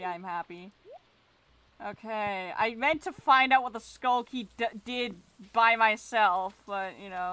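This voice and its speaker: A woman's voice: medium pitch, fairly bright tone, slight background noise. A woman streaming a video game, chatty and self-deprecating, swearing and answering chat. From Canada. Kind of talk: casual live-stream chat.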